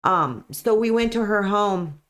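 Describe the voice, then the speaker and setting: A woman's voice: medium pitch, lively intonation, a little slow, fairly bright tone. A woman, a dog breeder, telling a story as a podcast guest in an earnest, emphatic way, often repeating her key points. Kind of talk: conversational storytelling.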